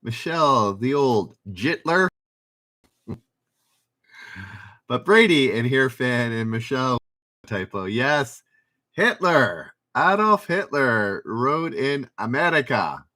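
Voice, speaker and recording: Male trivia livestream host, unhurried delivery, lively up-and-down pitch, dry asides between questions. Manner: reads questions and chat names, dry asides.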